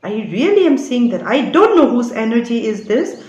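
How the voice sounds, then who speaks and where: A woman's voice: on the high side, very animated, normal speed, mellow, lo-fi sound. Insistent woman preaching in an echoey room. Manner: preachy, insistent, keeps adding "all right?". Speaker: spiritual channel reader. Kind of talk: spiritual guidance monologue.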